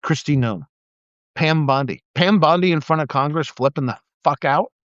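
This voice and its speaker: In another casual live-stream monologue, this middle-aged man's voice runs on the high side at normal speed. He spins lively stories and raises his voice to act out the people he quotes. The recording is dry, with a slightly dull lo-fi quality.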